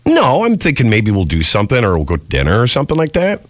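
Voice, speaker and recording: Animated middle-aged male radio host. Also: fast talker, crowd noise. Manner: animated storytelling, swooping pitch. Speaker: radio morning show host. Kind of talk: casual morning radio banter.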